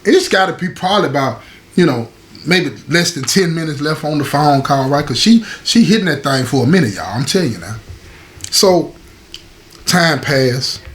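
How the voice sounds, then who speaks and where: Male storyteller, higher voice with wide swings, chatty, keeps checking in with his audience. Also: normal speed, a little hiss or hum. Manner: animated, addresses the audience with "you feel me" and "y'all". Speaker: storyteller recounting prison life. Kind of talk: casual storytelling to viewers.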